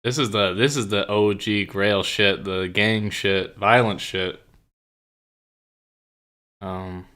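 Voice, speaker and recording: Low, forceful young-sounding male streamer. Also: steady tone, takes it slowly, long pauses. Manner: rambling, self-conscious, swears a lot. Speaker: streamer reading his own story. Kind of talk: casual live-stream chat and reading aloud.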